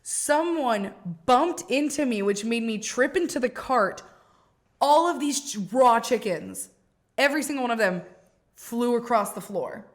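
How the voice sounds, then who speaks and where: A young woman with a fairly high voice co-hosts a casual podcast. She tells rambling stories, swears freely and breaks into laughter often. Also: animated, a little slow. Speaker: podcast co-host. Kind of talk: casual chat.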